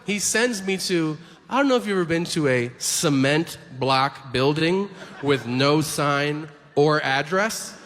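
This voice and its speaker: A man doing stand-up, telling a story and acting out the people in it with lively voices. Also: fairly high pitch, unhurried. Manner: animated, acts out characters in quotes. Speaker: stand-up comedian. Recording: reverberant hall with audience noise. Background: audience laughter.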